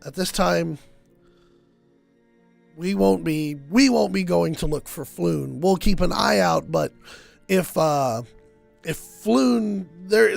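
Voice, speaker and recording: A man's voice: a little high, gravelly, heavily acted. A man doing a curt city watch officer. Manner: curt, businesslike, warns with a wink.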